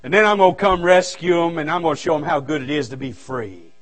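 A man's voice: fairly high pitch, quick pace, a bit bright, faint music behind, voice pushed down. Preacher man doing the lord, amused, patient, kinda drawly.

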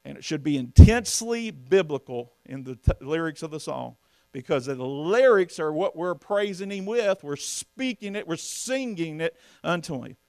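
A man's voice: fairly high pitch, expressive, moderate pace, gravelly, dark tone, no room sound. A man preaching from the pulpit, folksy and emphatic, often asking the congregation questions. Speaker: pastor. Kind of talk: sermon.

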